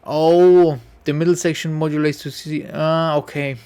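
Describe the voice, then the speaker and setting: A man's voice: fairly high pitch, little pitch movement, moderate pace, dark tone, clear, resonant tone. A man taking a music quiz on camera, thinking aloud, correcting himself and humming passages. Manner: musing, self-correcting, hums melodies. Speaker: piano YouTuber taking a quiz.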